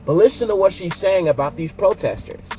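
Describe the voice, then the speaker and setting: Man, higher voice, emphatic commentary host, faint music behind. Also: animated, a little fast, warm tone. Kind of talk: casual commentary to camera.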